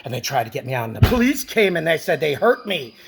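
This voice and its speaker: A man in his thirties telling a rambling, intense personal story to the camera, with sudden loud outbursts. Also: fairly high pitch, very animated, fast talker, vocal fry, breathy edge.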